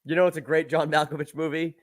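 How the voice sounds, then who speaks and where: A man hosting a podcast, chatting casually, laughing often and swearing through animated retellings. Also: a little high, quick pace. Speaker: podcast host. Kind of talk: casual chat.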